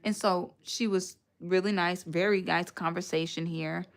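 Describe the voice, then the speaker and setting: A woman's voice: lowish voice, fairly even intonation, unhurried, vocal fry. A woman hosting a casual livestream from home, telling a long story and thanking viewers for gifts along the way. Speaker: livestream host. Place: home, near a radiator.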